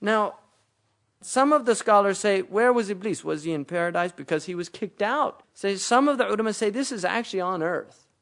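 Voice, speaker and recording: A man's voice: high voice, expressive, normal speed, fairly bright tone. A man giving a religious lecture, explaining Arabic words and verses, often rising into emphatic explanation. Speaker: Islamic teacher.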